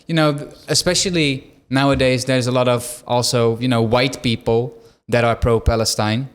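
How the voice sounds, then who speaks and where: A man's voice: mid-range voice, steady tone, normal speed, smooth. A young man, hosting a podcast and asking casual, probing questions. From Australia. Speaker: podcast host. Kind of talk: interview.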